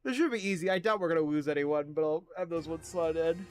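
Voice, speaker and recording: A man streams a game and gives casual commentary, rambling, swearing, and mocking himself. His voice is a little high and his pace quick, with soft music playing in the background.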